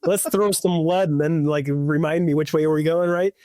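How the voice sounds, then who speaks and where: A man's voice: on the high side, fairly even intonation, moderate pace, darkish tone, no echo, studio quality. A man talking as a podcast guest in loose, rambling chat, full of restarts and "like".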